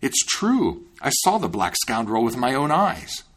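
A man voicing a gruff, hungry miller in a fairy-tale reading, blunt and demanding. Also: lowish voice, big pitch swings, moderate pace, a bit bright, heavily acted. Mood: amazed. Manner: blunt and demanding, bursts out in amazement. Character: gruff hungry grown male miller, easily amazed.

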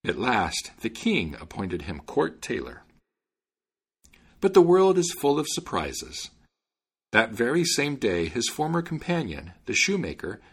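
A man narrating a fairy tale in an expressive, lively reading style. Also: lowish voice, slightly rough. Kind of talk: storybook narration.

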